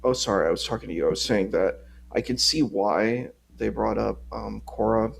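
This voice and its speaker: A man guesting on a livestream, critiquing a debate in a measured, rambling, casual way. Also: on the low side, steady tone, creaky, a little hiss or hum. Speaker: stream co-host guest. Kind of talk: casual discussion.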